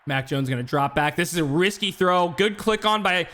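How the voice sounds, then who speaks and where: Man, play-by-play caller, simulated football stream, bright voice, slightly high pitch. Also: animated. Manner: rapid play-by-play, filler-heavy asides. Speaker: play-by-play commentator. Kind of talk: esports sim football commentary.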